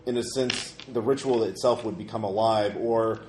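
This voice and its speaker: Brief: game master, hesitant, filler-heavy narration; echoey room, light noise. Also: male voice, fairly low pitch, fairly even intonation, normal speed, a little mellow.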